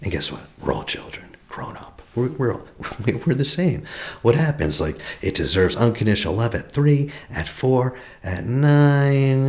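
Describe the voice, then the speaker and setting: In a reflective teaching talk, a forties-aged attachment healing practitioner asks questions and often lowers his voice to a soft whisper. He speaks a little slowly, in a medium pitch with big swings.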